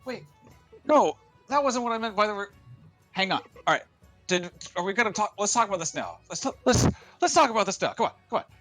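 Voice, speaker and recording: A man's voice: high voice, lively intonation, fairly quick, bright, forceful tone, faint music behind, voice pushed up, exaggerated voice. A man putting on a pushy, wheedling councilman.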